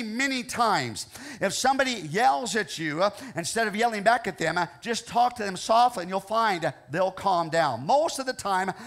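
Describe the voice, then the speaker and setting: A man with a Midwestern American accent delivers a sermon from the pulpit. His voice sits notably high for a man. He preaches earnestly, repeating lines for emphasis and checking in with his listeners. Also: fairly bright tone. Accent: Ohio, American Midwest. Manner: earnest, repetitive preaching with frequent "okay?" check-ins. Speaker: pastor. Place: church sanctuary.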